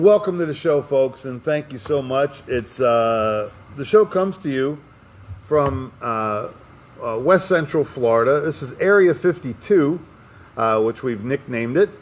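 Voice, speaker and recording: A man co-hosting a podcast, chatting casually and telling jokes with lots of laughter. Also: on the high side. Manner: animated joke-telling, laughs often. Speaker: podcast co-host. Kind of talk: casual chat.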